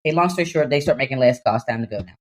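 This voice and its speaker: Fast-talking young woman telling a story. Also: extremely low pitch. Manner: animated, laughing, acts out voices in her story. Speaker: podcast co-host. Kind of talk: casual storytelling chat.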